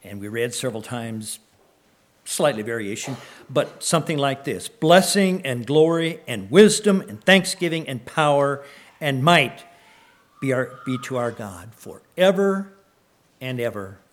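A man giving a sermon, reading scripture slowly and swelling on words of praise, then adding casual comments and often clearing his throat. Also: medium pitch, expressive. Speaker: preacher.

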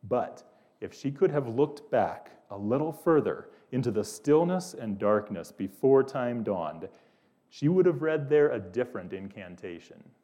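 A man voicing a great lion king, speaking gravely and calmly in a low, quiet voice, read within a sermon. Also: unhurried. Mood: solemn. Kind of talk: reading aloud in a sermon.

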